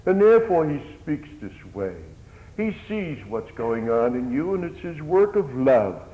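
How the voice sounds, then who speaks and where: A man's voice: fairly high pitch, very animated, measured pace, warm tone, big-room sound, muffled recording. A man preaching a sermon in an earnest, pleading manner that rises in fervor.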